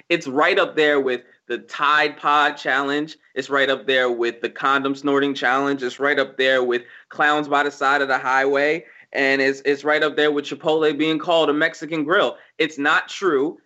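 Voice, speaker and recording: A man holds forth in casual podcast chat with a high, forceful, bright tone. He argues in emphatic bursts and swears freely. The recording sounds dull and lo-fi.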